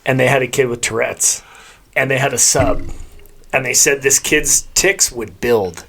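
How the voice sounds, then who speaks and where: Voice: mid-range voice, unhurried, fairly bright tone. A podcast co-host in a casual chat, telling crude joking stories. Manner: joking storyteller, crude punchlines.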